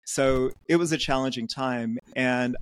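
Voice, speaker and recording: A man being interviewed on a podcast, telling his story in a measured way with some fillers. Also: medium pitch, fairly even intonation, clean tone, no echo. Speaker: podcast guest, yoga teacher. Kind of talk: casual interview talk. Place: Netherlands.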